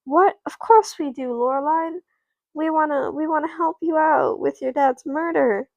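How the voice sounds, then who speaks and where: A woman's voice: medium pitch, unhurried, vocal fry, no room sound, lo-fi sound. A woman voicing a loyal teenage girl friend in narrated doll play, speaking up in a sincere, insistent way. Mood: earnest.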